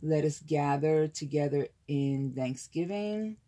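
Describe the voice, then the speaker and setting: Older american lady unboxing craft papers, low husky voice, slow and gushy, lots of little gasps. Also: warm tone. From United States. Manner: gushing, gasping with delight. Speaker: crafting channel host. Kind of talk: casual unboxing chat.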